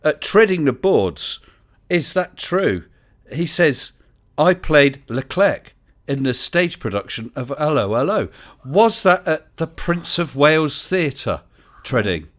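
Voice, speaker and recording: A man's voice: a little high, big pitch swings, slow pace, fairly bright tone. A man hosting a casual live-stream chat, laughing often and reading out messages from chat. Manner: chatty, laughs often, reads chat aloud. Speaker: host.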